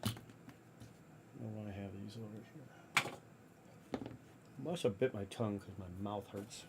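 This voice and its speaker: A man's voice: on the low side, a little slow, very noisy. A man in his fifties hosting a casual live stream, tired and laid-back, greeting viewers by name as he chats. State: tired, yawning. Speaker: livestream host.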